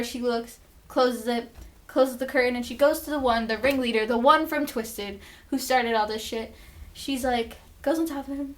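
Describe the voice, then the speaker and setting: Young woman vlogger, fairly high voice, chatty and excitable, swears freely, acts out the quotes. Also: normal speed. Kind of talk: casual TV episode recap.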